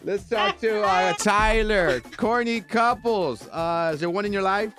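High, bright-voiced man hosting morning radio. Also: a little slow, soft background music. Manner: laughing, teasing. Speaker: radio morning show host. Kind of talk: lively radio banter.

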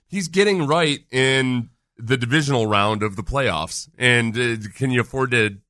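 Man, sports talk co-host, casual banter, animated, bright forceful tone, dry close sound. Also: mid-range voice, a little slow, no echo. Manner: animated, puts on mocking voices for jokes.

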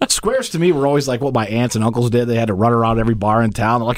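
A man's voice: medium pitch, rapid-fire, few pauses, no room sound, studio quality. A man hosting a casual podcast, chatting and rambling animatedly with his co-host. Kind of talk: casual chat.

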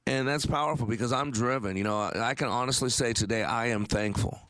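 A man's voice: medium pitch, fairly quick, fairly bright tone, no room sound. A man in his fifties hosting a faith-based radio talk show, earnest and preachy, with many fillers and restarts. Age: 50s.

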